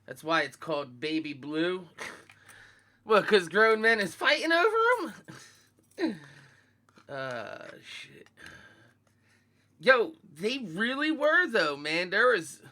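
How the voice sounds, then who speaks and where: Young philly guy, high bright voice, groggy morning talk, loose and cussing a lot. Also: sing-song, slow pace, long pauses. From Philadelphia, USA. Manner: laid-back, profane street slang, chatty. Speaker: sneaker vlogger. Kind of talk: casual chat to live viewers.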